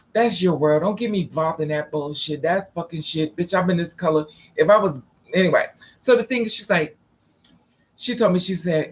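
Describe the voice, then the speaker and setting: A man with a fairly high voice, speaking at normal speed, tells a personal story casually and dramatically. He swears freely and acts out the people involved, switching between their quoted voices.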